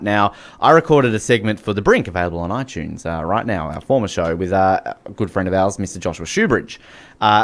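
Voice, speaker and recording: An Australian man hosting a radio show in casual, joking banter. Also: fairly low pitch. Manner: joking, rambling, laughs often. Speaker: radio host.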